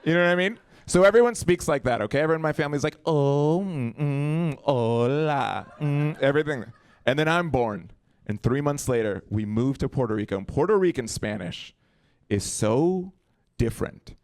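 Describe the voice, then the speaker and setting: A young Colombian man with a mid-range voice hosts a comedy night, performing stand-up on a club stage into a handheld mic. He's animated, leaping into rapid voices and impressions. The recording is dry.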